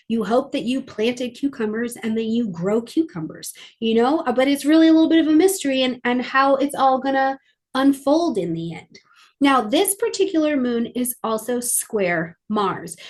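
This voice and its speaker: A woman astrologer talking through a weekly astrology forecast in a lively, conversational way, sometimes acting out little voices. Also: on the high side.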